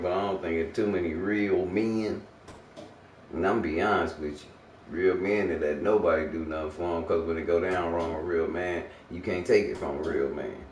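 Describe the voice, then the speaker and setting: A very low-voiced man rants bluntly, swearing often and lecturing as if preaching. He sits well back from the mic in an echoey room. Faint ambient noise sits under him. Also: recorded from a distance. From Texas. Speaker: livestream streamer. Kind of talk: casual profane rant.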